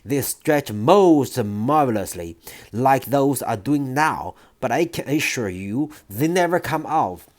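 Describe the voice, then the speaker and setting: A reader voicing a huge, cruel headmistress who barks and shouts scornfully at a child, in an audiobook reading. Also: medium pitch, animated, takes it slowly. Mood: bullying.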